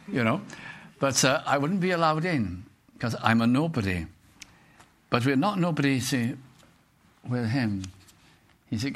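An older British man preaching an earnest sermon, reciting hymn verses slowly. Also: mid-range voice, lively intonation, fairly bright tone.

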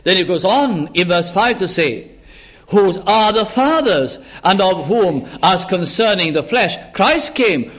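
A man preaching a sermon in church, earnest, slowing down and lifting his voice on the words he stresses. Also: sits high, a bit bright. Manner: earnest, slows down and rises for emphasis.

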